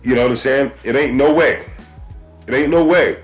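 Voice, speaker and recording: A man from the East Coast hosts a casual podcast chat, his mid-pitched voice telling a story with stops and restarts. Faint music sits underneath. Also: normal speed. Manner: animated storyteller, stammers and restarts. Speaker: podcast host.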